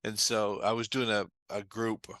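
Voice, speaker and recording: Bright, dry-voiced man explaining trauma therapy. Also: fairly low pitch, little pitch movement, normal speed, dry recording. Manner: earnest, explanatory, tells anecdotes. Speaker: trauma therapist, interview guest. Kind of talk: conversational interview storytelling.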